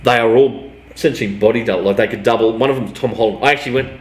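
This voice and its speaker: An Australian man hosting a casual pop-culture chat, chatty and quick to joke. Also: mid-range voice, crowd noise. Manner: chatty and joking, quick to laugh. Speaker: show host. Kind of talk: casual banter. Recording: roomy echo, faint noise.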